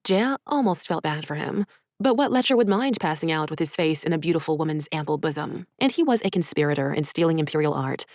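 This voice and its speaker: A woman, an author, reading her own short story in soft, measured, hushed narration. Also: low-pitched, expressive, no room sound, studio quality.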